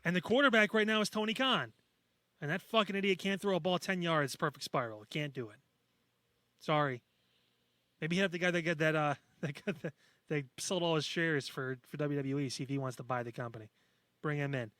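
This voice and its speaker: A man's voice: a little high, brisk, bright, forceful tone, no echo. A man co-hosting a podcast in casual chat, blunt and sarcastic, with frequent swearing. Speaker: podcast co-host.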